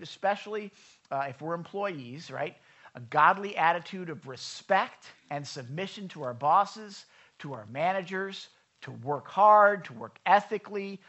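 A man's voice: high-pitched, bright, forceful tone, highs cut off. A man preaching a sermon at a church service, talking in a loose, conversational way and putting questions to the congregation. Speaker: pastor.

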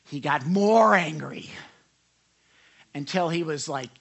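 Animated, forceful male pastor. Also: a little high, takes it slowly, vocal fry, husky. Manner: animated, talks straight to listeners with frequent "right?" asides; fervent, earnest preaching with repeated words. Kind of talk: conversational sermon.

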